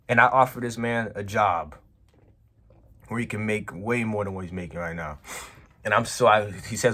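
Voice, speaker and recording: In a low voice at normal speed, a business owner shares a personal story as a casual vlog monologue, emphatic and animated, loaded with slang and the word "bro."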